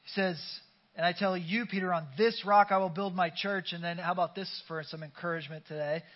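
A man's voice: high voice, steady tone, brisk, muffled recording. A pastor preaching a conversational sermon to his congregation, urging them to call back their response. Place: church sanctuary.

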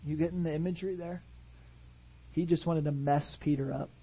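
A man preaching a sermon in a church, his voice high and a little husky. He presses the congregation with rhetorical questions and works himself up as he goes. The recording sounds dull and lo-fi. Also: steady tone, brisk. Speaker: pastor. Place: church sanctuary.

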